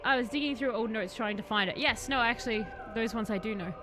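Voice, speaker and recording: A woman's voice: on the high side, fast talker, noisy background. A woman streaming a video game, chatting casually with her viewers and laughing often. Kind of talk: casual gaming live-stream commentary.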